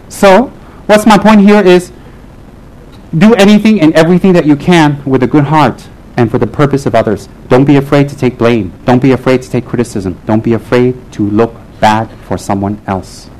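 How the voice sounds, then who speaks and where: A man giving a lively, joking Buddhist talk to a live audience, driving points home with repeated punchy lines. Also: medium pitch, moderate pace, poor audio. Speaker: Buddhist lama teaching his group.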